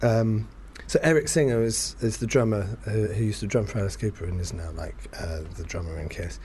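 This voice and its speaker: A man's voice: on the low side, a little fast, a little mellow, a little hiss or hum. A man telling a story in casual chat, rambling, restarting his sentences often and laughing between them.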